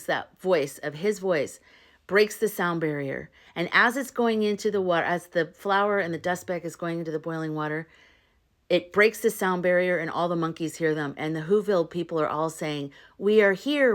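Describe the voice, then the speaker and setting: A woman's voice: on the low side, normal speed, a bit bright. A woman retelling a story and urging her viewers, chatty and earnest, with loose restarts and fillers. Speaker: spiritual vlogger. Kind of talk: casual retelling and pep talk to viewers.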